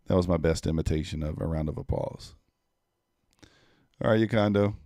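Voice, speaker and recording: A man's voice: low-pitched, normal speed, pauses often, mellow, no room sound, studio quality. A man in his thirties giving laid-back casual commentary on a live trading stream, talking to chat viewers. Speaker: livestream day trader.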